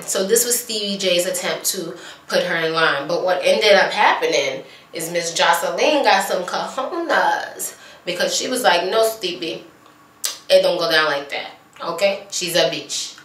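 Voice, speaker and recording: A woman casually recapping a TV episode, sassy and animated, putting on mocking voices for the people she quotes. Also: mid-range voice, distant mic. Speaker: vlogger recapping a TV show. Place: small bathroom at home. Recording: echoey bathroom, voice off-mic.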